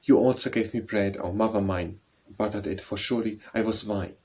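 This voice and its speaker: A man's voice: lowish voice, fairly even intonation, a little fast, darkish tone, breathy edge. A man reading as a pleading little orphan boy. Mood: sorrowful.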